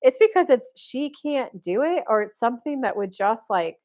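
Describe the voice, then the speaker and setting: A tired working husband grumbles and then talks with plain pride about what he did for his family, as a woman puts him on while telling a story. He has a fairly high, everyday voice. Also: sing-song, normal speed, darkish tone. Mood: reflective. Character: tired hardworking husband, gruff then proud.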